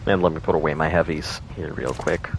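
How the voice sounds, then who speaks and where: A man's voice: a bass voice, fairly quick, creaky, slight background noise. A man streaming a game, chatting casually and rambling, laughing often. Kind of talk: casual gaming chat.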